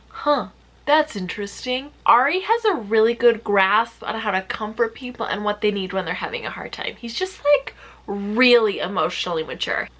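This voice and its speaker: A woman vlogger giving a chatty, sarcastic recap of a TV show with rapid-fire questions. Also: a little high, fairly bright tone. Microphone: camera mic.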